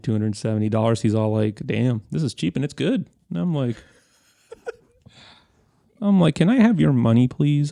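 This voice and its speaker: A young man with a gravelly, fry-heavy voice tells a story on a casual podcast. He talks with a lot of energy, swears freely and acts out the people he quotes. The sound is dry and close. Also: mid-range voice, darkish tone, no echo. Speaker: podcast co-host.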